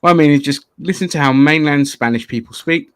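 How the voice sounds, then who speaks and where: A man's voice: a little high, fairly quick, clear, resonant tone. A man from Greece co-hosting a casual chat show, blunt and sweary, often laughing. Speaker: co-host.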